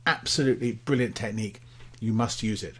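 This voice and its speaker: A man presenting a lesson on public speaking, emphatic, with much change of volume and well-placed pauses. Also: lowish voice, a bit bright, breathy edge. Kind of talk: instructional talk on public speaking.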